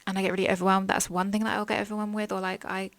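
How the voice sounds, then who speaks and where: A young woman hosts a podcast, talking candidly and in a rambling way about her mental health, with lots of "like" and "um." Her voice is medium-pitched and level, and she speaks in rapid-fire bursts. There's no echo on the recording.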